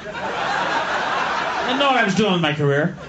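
A man doing a profane, rowdy live stand-up routine, yelling his punchlines. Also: high-pitched, sing-song, unhurried, dull audio, heavy background noise. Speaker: stand-up comedian. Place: comedy club stage. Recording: echoey live club, loud crowd.

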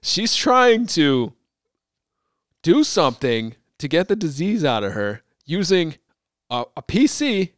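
A man's voice: fairly high pitch, takes it slowly, no room sound, clean studio sound. A man co-hosting a podcast, chatting casually and profanely about a movie, often slipping into mocking impressions. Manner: animated, profane, mimics movie characters. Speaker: podcast co-host.

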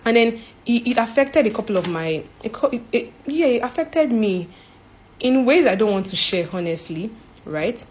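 A woman's voice: fairly high pitch, lively intonation, moderate pace, darkish tone, a little hiss or hum. Earnest woman giving a faith talk. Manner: earnest, repeats herself, tags lines with "right?". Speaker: church speaker.

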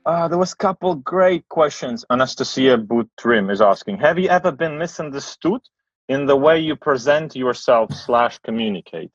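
A man from post-Soviet Europe, hosting a casual podcast chat in a blunt, relaxed way and swearing freely. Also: mid-range voice, normal speed, husky, dry recording. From post-Soviet Eastern Europe. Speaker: podcast host. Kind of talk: casual conversation. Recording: slightly dull, dry sound.

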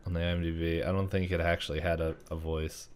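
A man's voice: sits low, flat delivery, fast, clear, resonant tone. A man co-hosting a podcast, chatting casually and rambling a little as he recaps a movie. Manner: rambling, restarts, chuckles. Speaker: podcast co-host.

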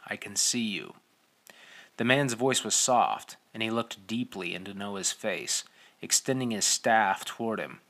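A male audiobook narrator telling the story in a steady, measured way. His voice sits on the low side but rings bright and forceful. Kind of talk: scripted narration.

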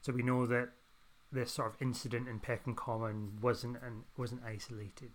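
A man's voice: mid-range voice, normal speed, a crowd in the background. A man, co-hosting a podcast and chatting casually about a comic he likes. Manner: relaxed, rambling comic review. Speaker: podcast co-host. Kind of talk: casual chat.

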